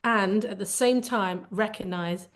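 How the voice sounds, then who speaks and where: Speaking at an unhurried pace in a medium-pitched voice, this podcast co-host talks openly and thoughtfully. She's clearly feeling her way toward the right words in the conversation.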